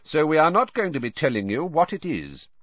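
A man's voice: a little high, wildly swooping pitch, brisk, slightly rough, no echo, pitched above the performer's own voice, heavily acted. A man voicing a weary, stiff male ministry official who talks formally and absently, on slightly dull audio.

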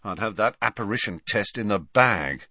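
A man's voice: on the low side, expressive, moderate pace, bright, forceful tone, breathy edge, no echo, exaggerated voice. A blunt, easygoing teenage boy wizard from a storybook, nudged only a bit above the reader's own voice as a man reads him. He speaks plainly and casually, in a dry, close sound. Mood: joking.

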